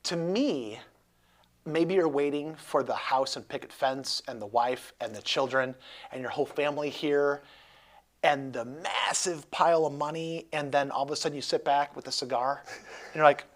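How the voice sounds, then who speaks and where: A man's voice: on the high side, normal speed. A man hosting a casual interview chat, rambling and joking with lots of restarts. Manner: rambling, jokey, many restarts. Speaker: host.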